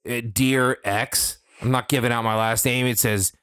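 A man on a chat show, ranting with heavy swearing and breaking into shouts as he mimics annoying emails. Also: mid-range voice, fairly even intonation, moderate pace, clean tone. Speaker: podcast co-host.

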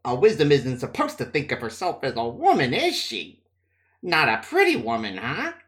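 A man reading the part of a feverish, sly young man who rasps out taunting, suspicious questions. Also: mid-range voice, wildly swooping pitch, normal speed, a bit bright. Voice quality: hoarse, rasping.

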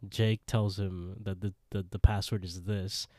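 Low-voiced man casually recapping. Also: level tone, measured pace, warm tone, dry recording, studio quality. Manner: storytelling, acting out quotes, laughing often. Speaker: podcast co-host.

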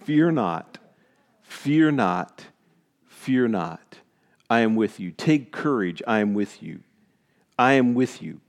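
A man's voice: lowish voice, expressive, takes it slowly, long pauses. Middle-aged man preaching a sermon. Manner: storytelling, repeats phrases for emphasis. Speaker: pastor.

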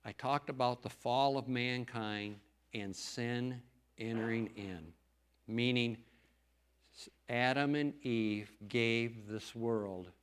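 A man's voice: medium pitch, takes it slowly, clean tone. Earnest folksy middle-aged man preaching. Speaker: lay preacher and farmer. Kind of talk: church testimony talk.

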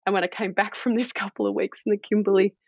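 A woman's voice: mid-range voice, fast talker, slightly rough, dry recording. A woman, a former midwife turned startup founder, telling self-deprecating stories as a podcast guest. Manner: energetic, self-deprecating storyteller. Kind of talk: casual podcast conversation. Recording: dull lo-fi dry audio.

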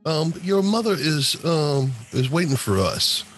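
A man playing a tabletop game, speaking calmly and deliberately. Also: a little high, faint music behind. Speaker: player.

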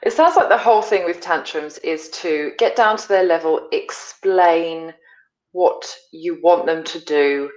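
A woman's voice: lowish voice, measured pace, darkish tone, echoey room, highs cut off. A woman hosting a podcast, chatting and summing up her guest's advice. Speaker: podcast host. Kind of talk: casual podcast interview.

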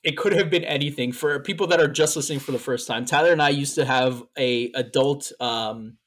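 A man's voice: medium pitch, fairly quick, fairly bright tone. Playful man co-hosting a casual podcast. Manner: playful storyteller, teasing, trips over fillers. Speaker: podcast co-host. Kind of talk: casual chat.

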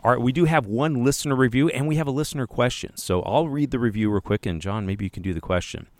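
A man's voice: mid-range voice, fast talker, no echo. A man co-hosting a podcast, chatting casually and enthusiastically. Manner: enthusiastic, effusive. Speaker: podcast co-host.

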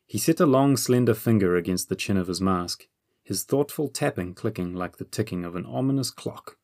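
A male audiobook narrator reads a children's fantasy book in a steady, measured way from a script. His voice is fairly low, and the recording is dry and close, with no room sound or echo.

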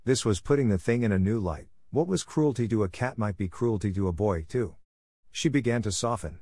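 A man with a fairly low voice reads a story aloud in a measured, expressive way. His voice sounds close and dry, with no room behind it. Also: no room sound. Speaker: narrator. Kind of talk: audiobook reading.

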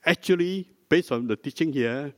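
An older man, a pastor, preaching a sermon in a slow, deliberate teaching manner, prompting the congregation with questions. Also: a little high. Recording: dry close mic with long hall reverb.

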